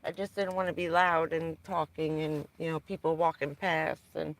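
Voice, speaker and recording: Livestreaming from her parked van at night, this woman talks casually in a low, level voice over slight background noise. She's blunt, swears easily, and switches between scolding and comforting her dog.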